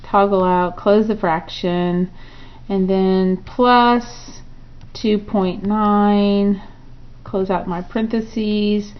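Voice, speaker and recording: A woman teaching a recorded math review, talking at a slow, unhurried pace. She walks through each step aloud and keeps checking in with her students. The recording is dull and lo-fi. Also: mid-range voice, steady tone. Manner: talks through steps aloud, frequent "okay" and "right?". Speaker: math instructor.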